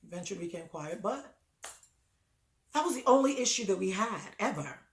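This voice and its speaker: A woman hosting an advice show, telling a personal story in a conversational, animated way that lifts high when she quotes herself. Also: normal speed. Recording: echoey room.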